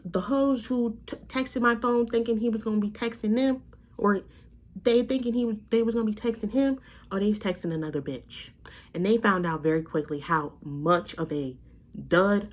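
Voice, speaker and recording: A woman's voice: medium pitch, a little mellow. A young adult woman telling a story to her vlog camera in a blunt, emphatic, profane way. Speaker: vlogger. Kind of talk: casual storytime rant.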